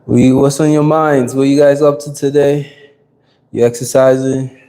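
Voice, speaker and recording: A man's voice: mid-range voice, little pitch movement, a little slow, dark tone. A man from Ghana chatting live with viewers during his gym workout, greeting them by name and hyping them up. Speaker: fitness livestreamer. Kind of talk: live workout stream chat.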